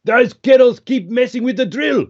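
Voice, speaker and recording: A man voicing a gruff male heist crew leader, barking orders over muffled lo-fi stream audio. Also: extremely high pitch, moderate pace, darkish tone, voice pushed up. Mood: bossy.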